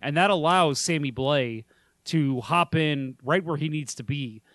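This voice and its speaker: A man co-hosting a casual hockey podcast, joking with deadpan tall tales. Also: on the high side, a little slow, no echo. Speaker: podcast co-host.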